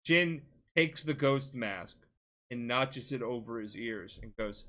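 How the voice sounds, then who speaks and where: A man's voice: mid-range voice, slow pace, bright, forceful tone. A tipsy man rambling through a game plot on a casual podcast, full of filler words and restarts. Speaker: podcast co-host.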